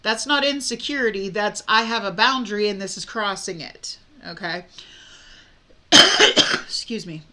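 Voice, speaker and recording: Tarot reader, woman, mid pitch, bright tone, frank chatty delivery. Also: measured pace, long pauses. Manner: chatty, frank, many fillers and restarts. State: hiccups. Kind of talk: casual tarot reading.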